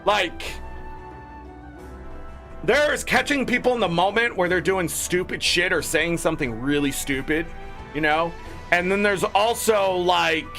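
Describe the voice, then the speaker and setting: A man ranting angrily to viewers, swearing freely and mocking the people he disagrees with. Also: pushed and bright. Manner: angry, profane ranting; mocking quoted voices in lower tones. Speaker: gaming streamer. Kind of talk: ranting commentary.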